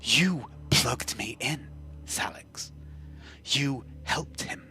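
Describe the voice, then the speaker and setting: A man's voice: mid-range voice, lively intonation, sharp tone, faint music behind, exaggerated voice. A man whispering as a vengeful, menacing female machine spirit, in a whispered role-play. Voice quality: whispering, slow and cold.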